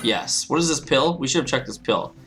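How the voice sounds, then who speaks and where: A man's voice: medium pitch, lively intonation, a little fast, a bit bright, soft background music. A man giving casual, rambling, joking commentary as he plays a video game. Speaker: let's play host.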